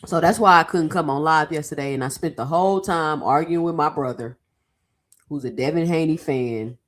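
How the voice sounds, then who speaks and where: A woman hosting a casual boxing commentary vlog, chatty and slangy, her throat a little sore from yelling. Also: deep voice, moderate pace.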